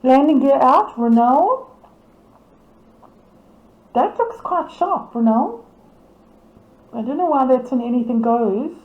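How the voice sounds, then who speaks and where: A woman's voice: high-pitched, animated, slow, pauses often, roomy sound, dull audio. A woman, casually commenting on club photos as she reads out titles and names, amused and laughing often. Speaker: camera club presenter.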